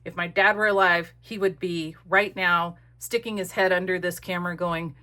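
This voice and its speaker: A woman's voice: mid-range voice, moderate pace, pushed and bright. A woman chatting casually and rambling with many fillers in a crafting vlog, recorded at home on a desk camera. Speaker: crafting vlogger.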